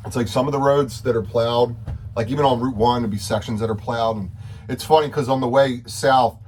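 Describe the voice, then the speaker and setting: A man's voice: medium pitch, fairly even intonation, brisk, a little mellow, breathy edge. A man giving a casual video update to coworkers as their union steward, frustrated and rambling, repeating himself.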